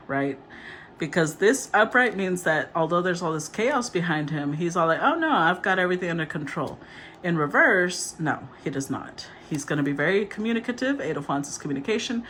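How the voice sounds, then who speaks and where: A woman talks through a tarot spread in a loose, rambling way, often laughing at her own remarks. Her voice sits somewhat low. A faint background hiss runs under the recording. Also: fairly bright tone. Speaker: tarot reader. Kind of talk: casual tarot reading.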